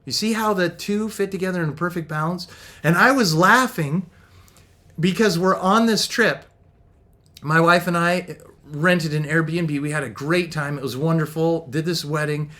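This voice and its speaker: A middle-aged man coaching couples on faith and marriage, his voice riding notably high for a man. He talks with bouncy, upbeat energy and slips into quick little voices for the people he quotes. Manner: energetic and upbeat, laughs often. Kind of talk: motivational talk.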